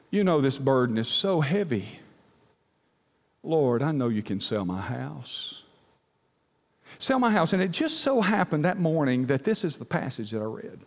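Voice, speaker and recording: A male pastor telling a personal story in a folksy sermon, often dropping to a hushed voice. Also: on the high side. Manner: folksy, with dramatic drops to a hush. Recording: long hall reverb.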